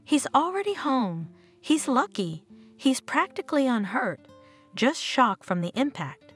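A calm, frank hospital doctor giving hard news plainly, as a woman narrator reads him. The voice stays husky and fairly high, rising and falling a lot. Soft music sits under the storybook telling. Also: measured pace, full character voice. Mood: reassuring. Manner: calm, matter-of-fact.

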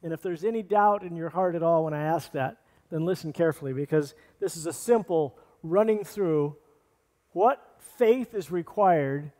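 A pastor preaching a sermon in an earnest, plainspoken way, reading scripture and stopping to restart phrases. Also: male voice, on the high side, dark tone, big-room sound. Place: church sanctuary.

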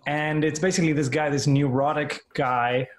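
An animated man from Argentina chats as an interview guest, laughing often and restarting his phrases. His voice sits slightly high. The room around him is echoey. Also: moderate pace. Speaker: actor guest. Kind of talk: casual interview.

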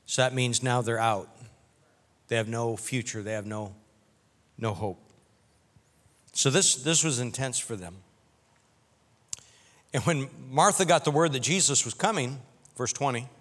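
A man's voice: fairly high pitch, a bit bright, big-room sound. A man preaching a sermon as pastor, talking in a conversational way and stopping for humorous asides.

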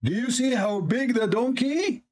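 A man hosting a religious debate show, speaking in a sarcastic, mocking way and reading texts aloud slowly. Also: lively intonation, darkish tone. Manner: sarcastic, reads texts aloud slowly, mimics opponents in a high voice.

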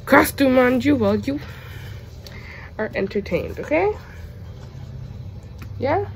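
A woman vlogging at home, chatting casually to the camera and switching to high coaxing baby talk with her dog. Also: big pitch swings, takes it slowly, slight background noise.

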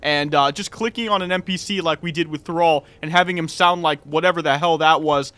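A man's voice: fairly high pitch, fairly quick, pushed and bright. A man doing casual gameplay commentary as a gaming YouTuber, reacting bluntly and with energy.

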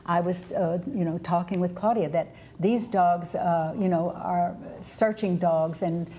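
A woman's voice: on the low side, steady tone, unhurried. A middle-aged woman hosting a television talk show about dogs, chatting casually with restarts as she tells stories. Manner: chatty, warm-hearted storytelling about dogs with frequent restarts. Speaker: TV show host. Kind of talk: casual interview chat.

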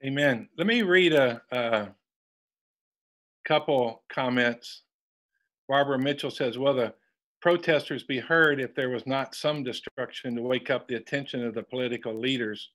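A man co-hosting a talk show, reading viewer comments in a slow, measured way. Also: medium pitch, fairly bright tone.

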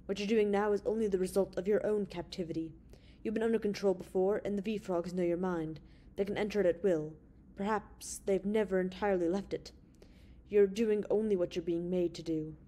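Woman reading a calm, steady male hero. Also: medium pitch, close to an everyday voice. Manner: calm and measured.

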